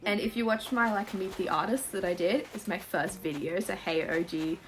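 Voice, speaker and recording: A young Australian woman in her twenties chatting casually through a Q&A while she plays a game, gushing and animated, full of fillers and swearing. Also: mid-range voice, normal speed, a little hiss or hum. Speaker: YouTuber. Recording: music playing behind.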